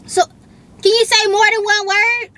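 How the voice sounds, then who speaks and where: A woman's voice: very high-pitched, flat delivery, measured pace, bright, forceful tone. A young woman, confronting her partner in a heated argument inside a car. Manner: confrontational, repeating demands. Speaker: vlogger in a prank video. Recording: noisy in-car phone recording.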